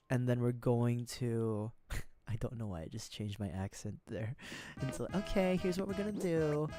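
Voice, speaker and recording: A man chatting his way through a cozy game on a livestream, rambling, joking and laughing at himself as he talks to his chat. His voice sits at an ordinary middle pitch, with faint game music playing behind him. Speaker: streamer. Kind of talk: casual gaming livestream chat.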